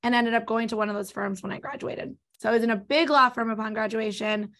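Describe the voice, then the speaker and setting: A woman with a Californian accent, an estate planning attorney answering interview questions in a quick, explanatory way. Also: a little high, steady tone, a bit bright. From born in New York, raised in Los Angeles. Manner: talks fast, explanatory.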